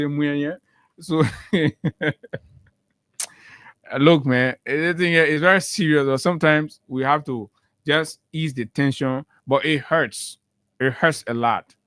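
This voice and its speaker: A man's voice: a little high, fairly bright tone, dry recording, studio quality. A man with a Liberian accent giving heated, emphatic political commentary on a morning talk show, repeating phrases for force.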